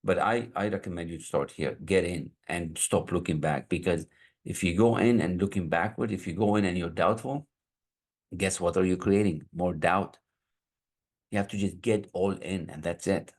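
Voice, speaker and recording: Coach type: very low-voiced man, breathy and husky, loose rambling delivery. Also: moderate pace, a little mellow. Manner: casual, rambling, searches for words. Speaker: business coach. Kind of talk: sales pitch to viewers.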